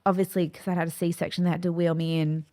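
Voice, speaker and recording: A woman's voice: fairly low pitch, level tone, quick pace, mellow. A woman, a podcast guest, telling a candid and emotional personal story and acting out the voices of the people in it. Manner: emotional, acts out quoted dialogue. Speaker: podcast guest, clinical nutritionist.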